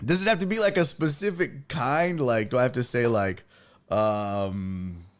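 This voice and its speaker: A man's voice: medium pitch, a little slow. A man from Houston, hosting a sports livestream and chatting loosely with viewers, swearing freely and using lots of fillers. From Houston, Texas. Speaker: sports show host. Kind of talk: casual livestream chat reading the chat.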